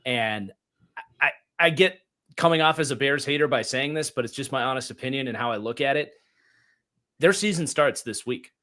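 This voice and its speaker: A man co-hosting a casual football podcast, giving blunt opinions with quick asides. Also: medium pitch, expressive, bright, forceful tone. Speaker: podcast co-host. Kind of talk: casual sports podcast analysis.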